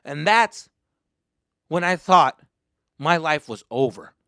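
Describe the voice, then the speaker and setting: A comedian spins a story in a lively, sing-song voice that leaps around in pitch and has a rough, gravelly edge. He swears freely and swings from loud outbursts to low mutters. The sound is close and dry. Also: slow, no echo. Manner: profane, animated, swings from loud bursts to mutters. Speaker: podcast host and comedian.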